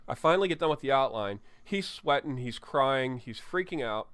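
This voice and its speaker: A man's voice: mid-range voice, lively intonation, normal speed, fairly bright tone, clear, resonant tone, dry recording. A tattoo artist telling candid, profane stories from his shop in an interview, often restarting his sentences. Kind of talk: storytelling in an interview. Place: tattoo studio.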